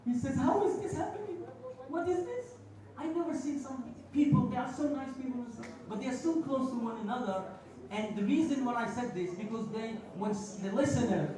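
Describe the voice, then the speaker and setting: A man's voice: very high voice, fairly quick, a little mellow. A man giving a passionate Friday sermon, telling stories and mixing phrases into his talk. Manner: passionate, storytelling, mixes Arabic phrases. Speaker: preacher. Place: large mosque prayer hall. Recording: echoey hall, voice from far off.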